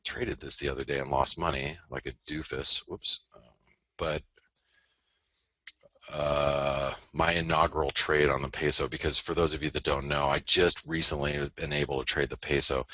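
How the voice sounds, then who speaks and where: A man's voice: a bass voice, level tone, normal speed, bright, forceful tone, no room sound. A man hosting a live currency-market analysis broadcast, rambling, self-interrupting and joking as he goes through his charts. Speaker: host and currency trader.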